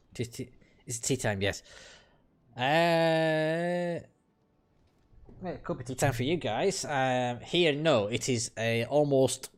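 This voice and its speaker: A British man streaming a game late at night, chatting with viewers in a blunt, opinionated and profane way. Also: mid-range voice. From United Kingdom. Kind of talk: casual live-stream chat while playing.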